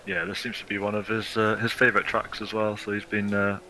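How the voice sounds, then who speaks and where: A man's voice: lowish voice, little pitch movement, brisk, pushed and bright, a little hiss or hum. A man co-commentating an online race, explaining track details and what the drivers are doing. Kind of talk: live sim-racing commentary.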